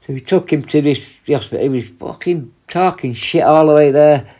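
A man's voice: fairly high pitch, brisk, warm tone. A man, a prison officer, casually telling blunt, profanity-laced stories and acting out his own retorts. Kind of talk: casual anecdote storytelling.

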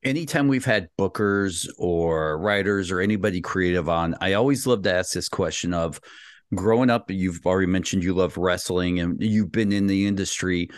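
A man's voice: low voice, normal speed, no room sound. A man hosting an interview, asking long, rambling questions with a joking tone. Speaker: podcast host. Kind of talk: casual interview chat.

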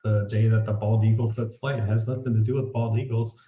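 A man interviewed as an author tells stories in a casual, animated way, saying "like" often with an incredulous tone. His voice is lowish and a little fast, and the room gives a roomy echo.

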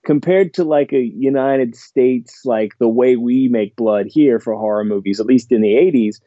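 A man's voice: mid-range voice, moderate pace, dry recording, dull audio. A man in casual chat, rambling enthusiastically with lots of fillers. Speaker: podcast guest.

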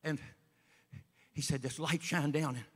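A man preaching a sermon as an evangelist, folksy storytelling that builds up to shouting. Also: fairly high pitch, steady tone, measured pace, slightly rough, long reverb tail. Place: church sanctuary.

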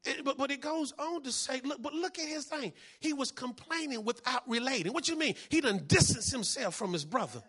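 A man preaching a fiery sermon as a pastor, breaking into shouts, repeating his key phrases and acting out the people in his stories. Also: very high voice, animated, a little fast, few pauses, breathy edge. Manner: acts out the people in his story.

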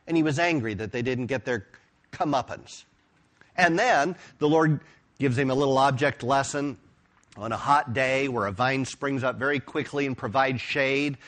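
A pastor preaching a sermon, retelling stories with emphatic, expressive delivery. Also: male voice, medium pitch.

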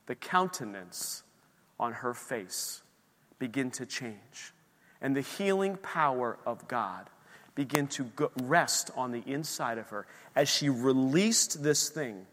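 A middle-aged man preaching a sermon as pastor, swinging between loud emphatic lines and hushed storytelling. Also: sits high. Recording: long hall reverb.

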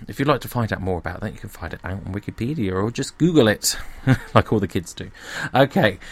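A man's voice: mid-range voice, a bit bright, no room sound. A man hosting a music show, presenting songs in a chatty, informal way with asides. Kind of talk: casual radio-style presenting.

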